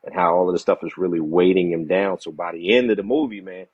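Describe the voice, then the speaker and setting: A man co-hosting a movie review chat, talking in an animated, slangy way and often saying "you know what I'm saying". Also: low-pitched, fast, breathy edge, no echo. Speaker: podcast co-host. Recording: dry, dull lo-fi audio.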